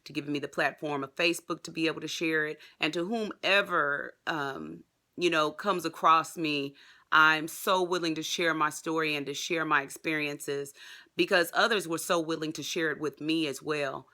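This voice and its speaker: A vlogger with a drawl chats excitedly to her viewers in a casual vlog, repeatedly calling them y'all. Her low-pitched voice is very bright and forward, and she keeps a moderate pace. Her delivery stays loose and talkative, with fillers throughout.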